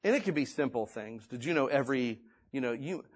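Husky, lively preaching man. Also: mid-range voice, fairly quick. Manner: folksy, conversational preaching; swings between loud and hushed delivery. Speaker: pastor. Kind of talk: sermon. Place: church or meeting room.

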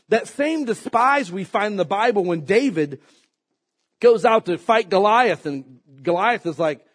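A man preaching a sermon in an animated, emphatic way, swinging from loud high peaks to low asides. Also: normal speed, breathy edge.

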